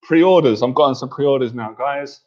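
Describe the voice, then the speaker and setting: A man's voice: medium pitch, normal speed, a little mellow, highs cut off. A man hosting a casual livestream, reading viewer comments and cracking up with laughter, sounding tired. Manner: giggly, keeps cracking up laughing. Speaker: livestream host and coach.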